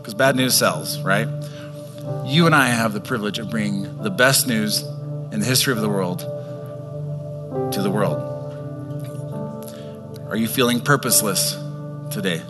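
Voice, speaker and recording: A man's voice: lowish voice, moderate pace, long pauses, long reverb tail, loud music behind the voice. A man in the role of pastor, earnestly encouraging the congregation as he closes the service. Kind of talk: sermon wrap-up.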